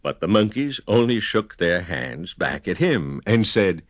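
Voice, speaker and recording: A man reading a children's picture book aloud, slow and deliberate with a sing-song repetition. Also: low-pitched, sing-song, no room sound, clean studio sound. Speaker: storyteller. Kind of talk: children's storybook narration.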